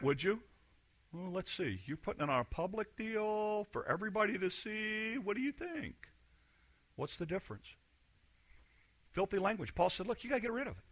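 Forceful bright-voiced male preacher. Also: sits high, no echo. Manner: animated preaching, swinging between loud emphasis and quiet asides. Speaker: pastor. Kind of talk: sermon.

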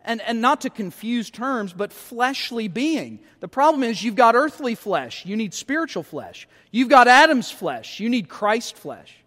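High-voiced preaching pastor in a hall. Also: male voice, unhurried, hardly any pauses. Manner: animated preaching with rhetorical questions and emphatic repeats. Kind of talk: sermon.

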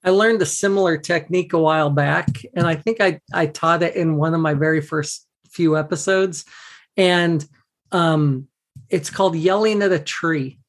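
A podcast host chatting casually, giving practical advice in a relaxed way with small restarts. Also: mid-range voice, normal speed.

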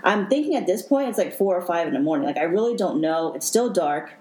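A woman hosting a podcast who tells her own story in an emotional, halting way with many fillers. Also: fairly low pitch, animated, a little mellow. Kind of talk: personal storytelling. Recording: echoey room.

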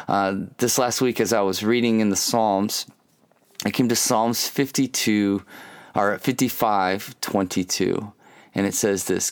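A man giving a candid, earnest personal testimony in a devotional talk, telling his story with restarts. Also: on the low side. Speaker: speaker giving a faith talk.

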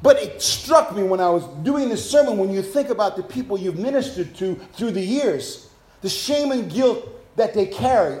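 High-voiced fervent male preacher, echoey room. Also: expressive, normal speed. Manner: builds to shouted, fervent exhortation. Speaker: pastor. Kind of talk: sermon.

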